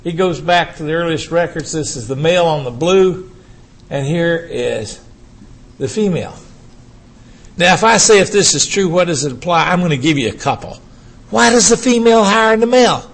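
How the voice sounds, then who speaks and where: An older man giving a urology lecture to an audience, emphatic and animated, firing rhetorical questions at the room. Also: on the high side, moderate pace.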